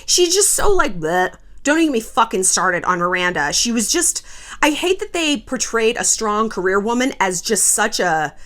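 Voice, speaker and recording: Sassy, animated woman ranting. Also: on the high side. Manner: profane, sassy, quotes people in mocking voices. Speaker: vlogger. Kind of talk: casual pop-culture rant.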